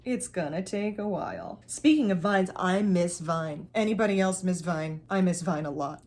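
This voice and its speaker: A woman's voice: lowish voice, darkish tone. A young woman chatting casually while she paints, with jokey, self-teasing asides and a teacherly way of giving tips. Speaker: painting vlogger; math teacher.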